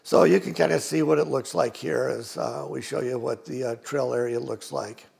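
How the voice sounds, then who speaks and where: A man hosting a hike outdoors on a mountain trail, talking casually with many pauses as he shows the way. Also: medium pitch, gravelly, darkish tone, breathy edge. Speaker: hiking guide host. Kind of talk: casual walking tour narration.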